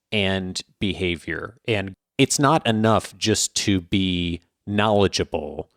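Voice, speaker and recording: Deep-voiced male podcast host. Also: no room sound, clean studio sound. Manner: reflective, summarizing the guest's points. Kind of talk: podcast interview.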